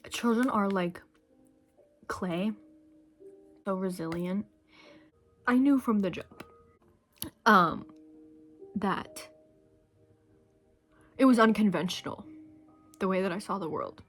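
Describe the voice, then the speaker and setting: A woman's voice: mid-range voice, slow, pauses often, faint music behind. A young woman speaks to camera in a loose, rambling monologue. She gets emotional and sometimes sinks to a near whisper, and she chews candy while she talks. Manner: chewing candy while talking. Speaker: vlogger. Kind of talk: casual reflective monologue.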